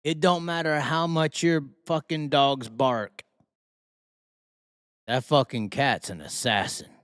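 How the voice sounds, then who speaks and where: A man's voice: fairly high pitch, fairly even intonation, takes it slowly, fairly bright tone, smooth, dry recording, studio quality. A man hosting a live talk show, ranting heatedly with constant swearing and rhetorical questions. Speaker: host. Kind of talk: profane live-stream rant.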